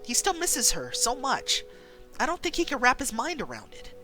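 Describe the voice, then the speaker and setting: A woman voicing a gentle, caring young man in a story game, soft and soothing. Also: sits high, wildly swooping pitch, normal speed, faint music behind, pitched above the performer's own voice, full character voice.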